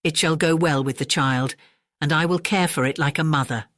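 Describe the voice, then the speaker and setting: A mighty old witch barks her demands in a harsh, commanding tone, voiced by a woman reading a storybook. The voice sits low and close, with no room sound around it. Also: normal speed, fairly bright tone, no room sound. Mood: bargaining.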